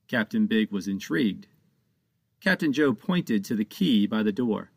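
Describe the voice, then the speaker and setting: A man's voice: lowish voice, lively intonation, unhurried, creaky, slightly rough, dry recording, clean studio sound. A man reading his own children's book aloud as an audiobook narrator.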